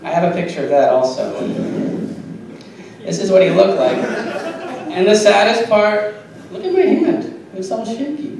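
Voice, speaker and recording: A man doing a silly, pun-filled stand-up set in a small bar, deadpan and giggling at his own jokes. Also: high voice, normal speed, long pauses. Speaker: stand-up comic. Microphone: phone camera. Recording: echoey bar, phone from far off, crowd.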